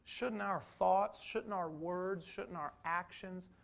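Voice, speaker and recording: A man preaching a conversational sermon, full of rhetorical questions, swinging between loud emphasis and slow, quiet stresses. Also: high-pitched, gravelly. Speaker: pastor.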